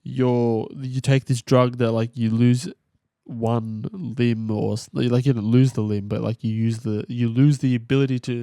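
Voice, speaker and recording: A man's voice: mid-range voice, level tone, a little slow, mellow, no room sound, clean studio sound. An easygoing man who chuckles a lot while co-hosting a casual podcast. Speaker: podcast co-host. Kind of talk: casual chat.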